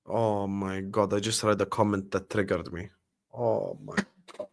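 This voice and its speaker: A man's voice: fairly low pitch, level tone, a little slow, creaky. A young man hosting a football live stream, ranting in exasperation, repeating himself and swearing.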